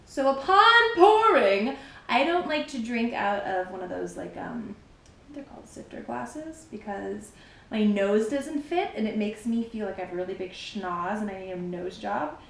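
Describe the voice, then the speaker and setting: A woman's voice: medium pitch, normal speed, gravelly, echoey room. A woman chatting casually to camera as she reviews a scotch, giggly and playful, rambling with lots of "like"s. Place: at home, wearing a robe.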